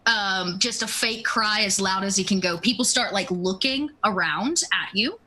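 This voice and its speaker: A woman's voice: mid-range voice, normal speed, pushed and bright, low-quality recording. A woman narrating as game master of a tabletop role-playing game, rambling with many ums and asides.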